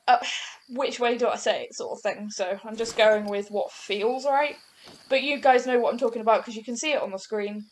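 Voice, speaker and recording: A young woman talks through her hunting game in a loose, chatty way. She rambles, trips over words and restarts her sentences. Her voice sits a little high for a woman. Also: a little hiss or hum. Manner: chatty, rambling, self-correcting. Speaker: gaming channel host. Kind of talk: casual gameplay commentary.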